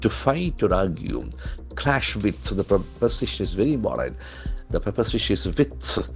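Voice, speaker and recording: Over faint music, a man with a lowish, creaky voice teaches English words drawn from the newspaper, speaking at normal speed and sounding very animated. As a language trainer, he spells every word out letter by letter and works through pronunciations and meanings methodically.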